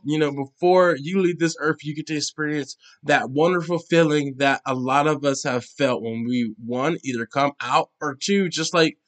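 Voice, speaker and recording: A man's voice: fairly high pitch, a bit bright. Chatty young man hosting a podcast. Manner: chatty, many fillers and restarts; emphatic, sassy asides. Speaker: podcast host. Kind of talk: casual news commentary.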